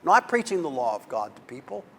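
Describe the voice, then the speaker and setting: A man's voice: on the high side, brisk, gravelly, husky. Man lecturing emphatically in a hall. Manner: animated, emphatic storytelling. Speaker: conference lecturer on preaching. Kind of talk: conference lecture.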